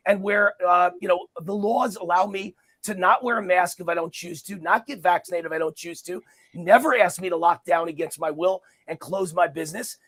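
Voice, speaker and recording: A man's voice: high voice, a bit bright. A middle-aged man giving heated, combative answers in an interview, hammering his points by repeating them. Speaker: interview guest, commentator. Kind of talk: heated political interview talk.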